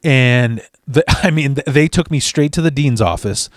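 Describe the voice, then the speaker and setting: A man's voice: mid-range voice, moderate pace, no room sound. Guy swearing his way thru a story, fired up, stumbles and restarts, dry close mic sound. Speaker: podcast host. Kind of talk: casual storytelling. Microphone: studio mic.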